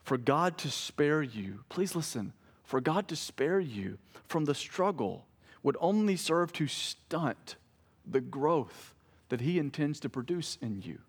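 A man's voice: a little high, big pitch swings, slow, slightly rough. A man in his thirties preaching a sermon as a pastor, conversational, telling family stories and joking with the congregation. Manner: conversational preaching with family anecdotes and self-corrected jokes.

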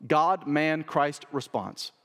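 A man's voice: fairly high pitch, slow. Preaching man in a reverberant church. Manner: emphatic preaching, repeats key phrases, shifts between loud and hushed. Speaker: pastor. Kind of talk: sermon. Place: church sanctuary. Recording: long reverb of a church hall.

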